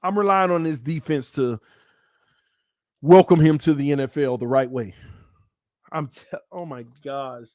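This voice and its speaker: A man hosting his own sports fan channel, giving casual commentary to viewers in a playful, excitable way. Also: fairly high pitch, a little slow, pauses often, no echo, clean studio sound. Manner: playful, excitable, swings between calm and shouting.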